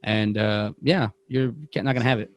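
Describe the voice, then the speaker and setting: A man's voice: fairly low pitch, normal speed, dry recording. A man on a podcast telling a long work story in casual chat, rambling and acting out the voices of the people in it. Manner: rambling, animated, acts out quotes, self-interrupting. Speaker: podcast co-host.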